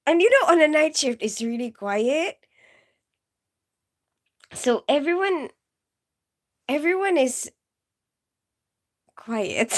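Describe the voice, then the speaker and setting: Giggly high-voiced woman streamer. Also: fairly bright tone. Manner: giggly, keeps bursting into laughter; rambling, heavy on "like" and "you know". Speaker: live streamer and nurse. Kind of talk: casual live-stream chat.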